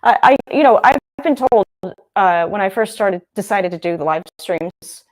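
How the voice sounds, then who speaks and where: A woman's voice: medium pitch, animated, moderate pace. A young woman hosting a livestream, chatting casually and thinking aloud as she comments on a football game. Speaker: livestream host.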